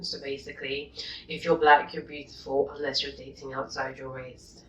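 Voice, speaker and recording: Young female vlogger, deep-pitched, indignant rant, dull roomy recording, distant mic. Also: level tone, normal speed. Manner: exasperated, indignant, swings from low mutter to loud outburst. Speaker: YouTuber. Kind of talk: vlog rant reading comments.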